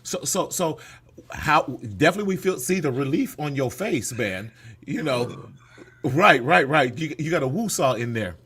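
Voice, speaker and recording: Male show host, loud and hype, slightly high voice, whoops a lot, casual banter over a video call. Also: lively intonation, normal speed, slight background noise. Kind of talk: lively casual show talk. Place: California.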